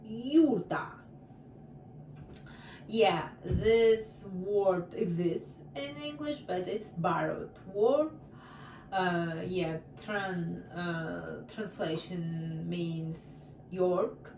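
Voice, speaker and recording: A woman's voice: lowish voice, extremely slow, a little mellow, far from the mic, a little hiss or hum. A woman from Central Asia teaching a Russian language lesson online, carefully saying each example word twice. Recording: roomy echo, voice from away from the mic.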